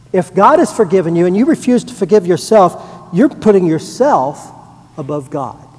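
High-voiced earnest middle-aged man, echoing church. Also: darkish tone. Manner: earnest, rising to emphatic. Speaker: church member giving testimony. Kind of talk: personal testimony to a congregation.

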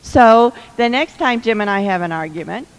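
A woman's voice: medium pitch, animated, moderate pace. A woman giving humorous marriage advice to a live audience, chatty, with teasing asides and laughs. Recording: long hall reverb.

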